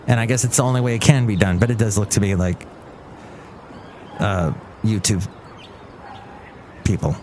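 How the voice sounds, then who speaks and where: A man's voice: on the low side, moderate pace, pauses often, darkish tone, a little hiss or hum. A man hosting his own show in a casual, rambling monologue, thinking aloud as he talks. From California. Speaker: host.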